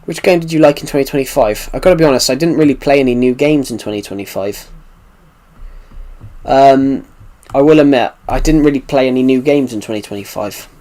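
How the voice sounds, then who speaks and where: A man's voice: mid-range voice, brisk, warm tone. A British man from the UK chatting casually on a live stream, rambling and circling back to repeat himself as he answers viewers' questions. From United Kingdom. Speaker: livestreamer answering chat.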